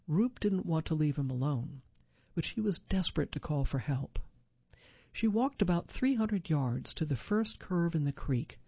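A narrator reading a true survival story in a measured storytelling manner, lifting the quoted lines. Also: medium pitch, dark tone, slightly rough, no room sound, muffled recording.

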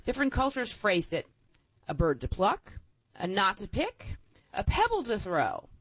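A woman's voice: on the high side, a bit bright, no echo. A woman telling tall tales in a playful, folksy storytelling manner and explaining word origins. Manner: playful folksy yarn-spinner. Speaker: storyteller and co-host. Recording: dull lo-fi recording, dry.

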